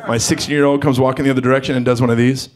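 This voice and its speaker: A man doing stand-up comedy, telling a story and acting out voices in a loud, animated way. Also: mid-range voice, rapid-fire, noisy background. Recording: comedy club with crowd laughter. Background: audience laughter.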